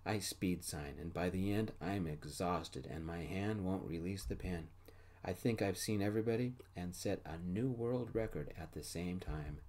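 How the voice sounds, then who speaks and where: A man gently narrating a first-person story in a soft-spoken ASMR style. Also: low-pitched, normal speed.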